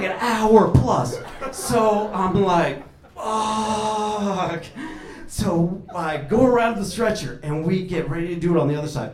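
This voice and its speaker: A man in his thirties, a doctor, telling a story on stage to a live audience, animated and laughing as he acts out the people in it. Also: on the high side. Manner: animated, laughing through the telling, acting out others. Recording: echoey room with a crowd.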